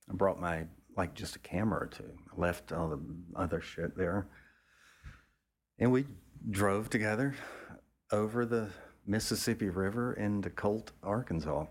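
A man, a photographer, telling a casual, rambling story with frequent restarts and the odd swear word. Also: slightly rough. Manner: acts out other people's lines in a raised pitch.

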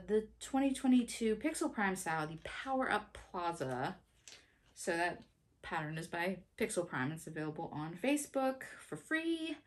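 A woman in her thirties chatting casually as a cross-stitch vlogger, laughing often and restarting her sentences. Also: on the low side. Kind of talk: casual chat.

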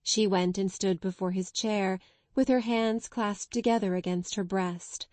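A woman narrating an audiobook in a measured, expressive way. Her voice is mellow and dark-toned, recorded close and dry with no room sound. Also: mid-range voice, no echo. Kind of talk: scripted narration.

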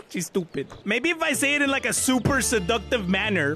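A man performing a comedic skit with a slow, drawn-out jokey delivery. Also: high voice, big pitch swings, sharp tone, a little hiss or hum. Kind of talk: comedic skit from a short video.

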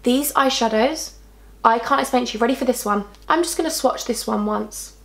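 A young woman from England, a beauty vlogger chatting casually and gushing excitedly about makeup with self-deprecating jokes. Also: on the high side, a little fast, gravelly. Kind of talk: casual chat.

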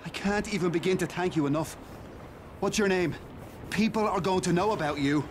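A man plays a grateful survivor in a game cutscene who pours out earnest thanks to the stranger who saved him. His voice sits high. A faint hiss runs underneath. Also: fairly quick, natural voice. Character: grateful male survivor in a quarantined city.

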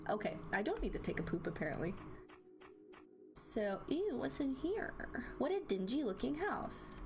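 A woman's voice: high-pitched, lively intonation, moderate pace. A woman commenting as she plays a video game, chatty and thinking aloud. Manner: chatty, thinking aloud, reacting with gasps and laughs. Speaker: gameplay commentator. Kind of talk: let's play commentary. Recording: game music playing behind.

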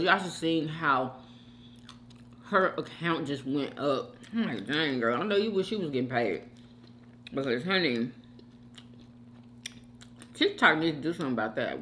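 A woman's voice: low-pitched, bright, forceful tone, slight background noise. A woman hosting a mukbang, chatting casually while she eats and giving her opinions straight to her viewers. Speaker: mukbang host. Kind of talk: casual chat while eating.

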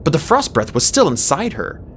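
A woman narrating a fantasy audiobook in an expressive storybook style. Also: moderate pace, slight background noise. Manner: expressive, swings pitch widely.

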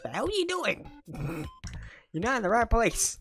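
A woman hosting a gaming video, giving casual commentary while she plays, excitable and blurting out reactions. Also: a little high, measured pace, soft background music. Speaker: gaming channel host.

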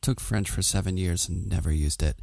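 A man hosting a podcast, chatting casually and relaxed with a guest. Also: deep voice, fairly quick, creaky. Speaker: podcast host. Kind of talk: casual chat.

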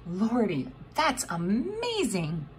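A woman's voice: a little high, huge pitch swings, very slow, slight background noise, pitched above the performer's own voice, full character voice. A woman reading aloud, voicing an unimpressed middle-aged male tourist with a drawling, whiny way of talking. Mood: awed.

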